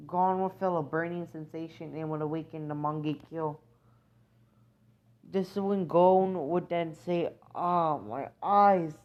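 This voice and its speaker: A woman's voice: low voice, fairly even intonation, measured pace. A woman improvising a fan-fiction story, rambling and hesitant, correcting herself often. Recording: dull lo-fi recording.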